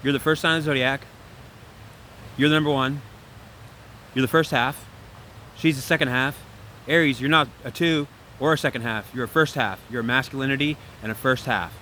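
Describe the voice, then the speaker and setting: A man giving a casual spoken tarot reading, animated and preachy, talking straight to the listener. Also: medium pitch, fairly quick, pauses often, a little hiss or hum. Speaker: tarot reader.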